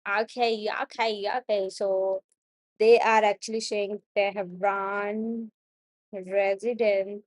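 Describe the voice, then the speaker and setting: A young woman with an Indian accent reading the news aloud on a study stream, halting and stumbling over hard words and names. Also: medium pitch, level tone, no echo, clean studio sound. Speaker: student streamer.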